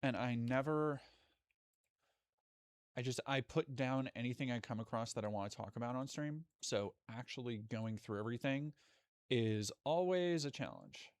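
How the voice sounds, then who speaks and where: A man's voice: medium pitch, normal speed, no echo. A man live streaming, chatting with his viewers in a rambling way, cutting himself off and swearing now and then. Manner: rambling, self-interrupting, swears casually. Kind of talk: casual live-stream chat.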